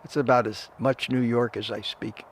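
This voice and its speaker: Gravelly older man hosting a live chat. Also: mid-range voice, fairly even intonation, normal speed. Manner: friendly, reads out and greets viewers by name. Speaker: livestream host answering viewer chat.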